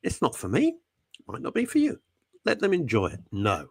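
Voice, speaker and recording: Animated man, gravelly radio host. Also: mid-range voice, normal speed, dry recording. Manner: rambling, jokey, animated. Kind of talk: talk radio monologue. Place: radio studio.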